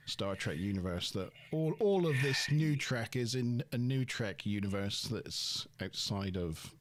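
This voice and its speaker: A man's voice: fairly low pitch, lively intonation, unhurried. A man hosting a casual podcast review from home over a call. He talks in an easygoing, agreeable way and chuckles often. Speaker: podcast host. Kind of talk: casual chat, reviewing a TV episode.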